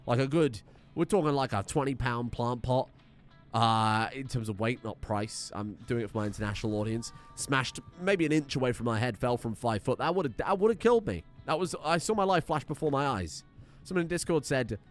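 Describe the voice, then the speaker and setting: A man's voice: medium pitch, expressive, brisk, faint music behind. British guy streaming a game at home, jokey and sweary, voice bounces all over. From United Kingdom. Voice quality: joking, sweary banter. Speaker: gaming streamer. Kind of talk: let's play commentary. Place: room at home at a desk.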